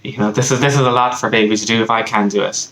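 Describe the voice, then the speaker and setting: A man's voice: fairly low pitch, fairly even intonation, racing, a bit bright, reverberant, a little hiss or hum, rough recording. A man with an Irish accent voicing a huge, boastful, dim-witted giant who talks bluntly and is easily fooled. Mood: blustering.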